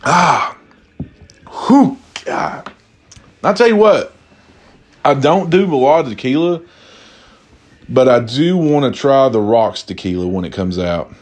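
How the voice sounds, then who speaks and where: A man talks loosely into the mic in a mid-pitched voice, hosting his own drinking podcast. He rambles, curses freely and jokes, and he often backs up to correct himself. He sounds a little tipsy. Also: expressive, measured pace, long pauses. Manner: rambling, profane, jokey, with self-corrections. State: tipsy from tequila. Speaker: podcast host. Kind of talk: casual drinking podcast monologue.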